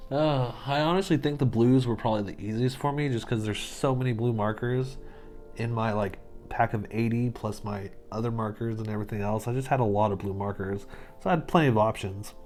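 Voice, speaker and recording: A man's voice: fairly low pitch, darkish tone. A man hosting his own art channel, chatting casually and upbeat about his drawings, often breaking into laughter. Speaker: artist and channel host. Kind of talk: casual art vlog narration.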